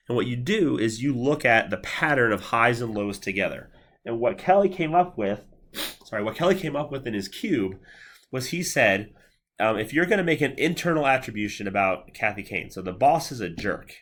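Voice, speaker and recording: A man lecturing on psychology in a relaxed, conversational way, walking through examples step by step and checking in with his listeners. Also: mid-range voice. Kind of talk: recorded university lecture.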